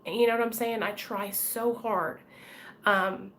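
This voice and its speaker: A woman's voice: mid-range voice, steady tone, a little slow, a bit bright, a little hiss or hum. A woman with a drawl talks candidly to her live-stream audience. She is chatty and direct and greets commenters by name as she goes. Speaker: vlogger talking to live chat. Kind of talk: casual live-stream chat.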